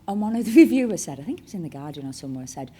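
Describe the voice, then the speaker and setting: Sitting low in pitch, her voice is very animated, very fast, mellow and slightly rough. She's a chatty Bolton-born actress with a Northern English accent, wandering through anecdotes in an onstage interview and performing the voices of those she quotes.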